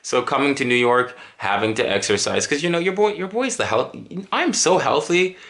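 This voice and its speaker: A man from Dallas rambles cheerfully to camera, piling up jokes and exaggerations. His pitch swings widely as he talks, at an ordinary middle height. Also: animated, moderate pace, fairly bright tone. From Dallas, Texas. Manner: joking, exaggerated, rambling with restarts. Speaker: vlogger. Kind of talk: casual comedic monologue to camera.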